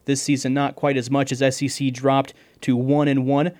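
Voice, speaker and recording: A man hosting a radio sports scoreboard show, talking fast and pausing to catch his breath. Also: medium pitch, flat delivery, darkish tone.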